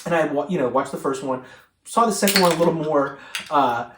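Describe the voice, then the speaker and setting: A man's voice: fairly high pitch, fairly quick, fairly bright tone. A man co-hosting a podcast, telling loose, laughing stories in casual chat about films. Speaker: podcast co-host. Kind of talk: casual film discussion. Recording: roomy echo, distant from the mic.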